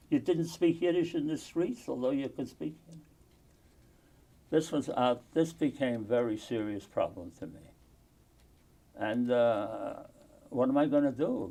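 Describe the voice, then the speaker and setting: Older man, earnest and halting. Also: mid-range voice, expressive, warm tone. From United States. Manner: earnest, halting, with many pauses and restarts. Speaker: oral history interviewee. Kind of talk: oral history interview.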